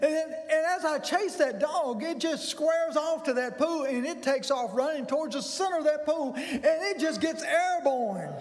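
High-voiced older pastor in a big hall. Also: male voice. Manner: folksy storytelling, building to excited, high-pitched bursts. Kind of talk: sermon with personal story. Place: church sanctuary. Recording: long reverb in a large hall.

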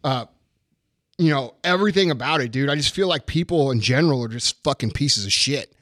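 A man's voice: mid-range voice, lively intonation, a little fast, a bit bright, no room sound, clean studio sound. A man in his thirties hosting a podcast, ranting in a casual, profane and frustrated way. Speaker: podcast host.

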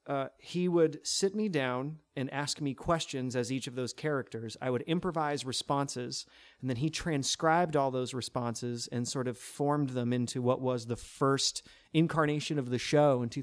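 A man's voice: medium pitch, measured pace. A man with a tenor voice, a stage performer chatting in an interview, with many fillers and restarts. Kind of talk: casual interview talk.

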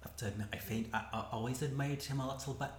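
A man's voice: medium pitch, steady tone, rapid-fire, a little hiss or hum, voice pushed up, close to an everyday voice. A man putting on a Scottish accent to voice a male ship engineer who admits to admiring someone. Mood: confessing. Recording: roomy echo.

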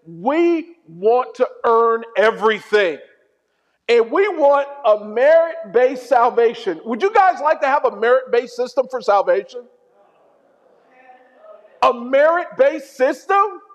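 A middle-aged man preaching a sermon, telling stories in an animated, humorous way. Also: very high-pitched, takes it slowly. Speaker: pastor. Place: church hall. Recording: dull sound in a reverberant hall.

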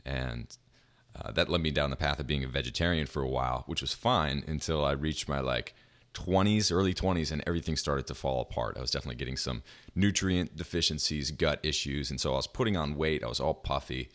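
A man's voice: rumbling low, brisk. A man in his twenties hosting a podcast interview, chatting casually and laughing often. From New Hampshire, USA. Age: 20s. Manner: laughs often, relaxed and upbeat. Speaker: podcast host.

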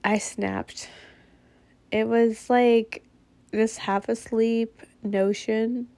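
A woman recounting a story in a relaxed, unhurried way, her voice carrying a gravelly fry. She is blunt and candid and does not hold back on swearing. The sound is close and dry, with no room echo. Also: on the high side. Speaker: mother telling a personal story. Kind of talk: casual spoken storytelling.

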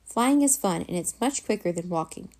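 A woman voicing a cheerful, bossy little male pet bat with a squeaky, coaxing manner. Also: lively intonation, normal speed, darkish tone. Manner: encouraging, coaxing.

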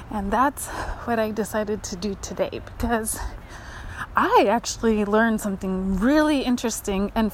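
A woman chatting on a walking vlog outdoors by a creek, rambling and excitable, a little out of breath from walking. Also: a little high, slight background noise. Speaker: vlogger.

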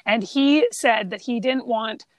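A woman with a high voice chats about films with a friend, quizzing her and retelling scenes. The sound is dry and close to the mic. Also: unhurried, no room sound. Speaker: podcast co-host. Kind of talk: casual chat about movies.

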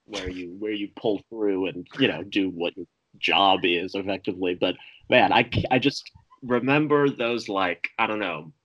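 A young man with a somewhat low-pitched voice co-hosts a casual livestream chat. He speaks in a dry, teasing way, needling his friend with deadpan remarks. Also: moderate pace, lo-fi sound.

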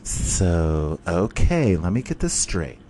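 A man's voice: low voice, sing-song, takes it slowly, warm tone, slight background noise, exaggerated voice. A man voicing a skeptical, exasperated wife who sarcastically questions her husband. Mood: incredulous. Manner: incredulous, sarcastic.

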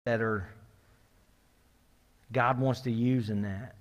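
A man's voice: medium pitch, fairly even intonation, takes it slowly. A middle-aged man preaching a sermon as pastor, talking conversationally, often checking in with the room, his voice building as he retells a story. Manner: conversational, asks the room "right?", builds in intensity while retelling. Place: church sanctuary. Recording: long hall reverb.

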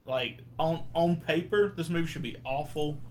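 A man's voice: fairly high pitch, normal speed, a little hiss or hum. A man co-hosting a casual movie-review podcast, joking enthusiastically and laughing through his lines. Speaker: podcast co-host.

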